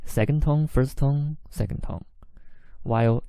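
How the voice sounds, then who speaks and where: A man's voice: mid-range voice, a little slow, warm tone, dry recording. A man teaching a podcast language lesson, explaining words patiently and mixing in example phrases. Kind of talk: reading a diary aloud.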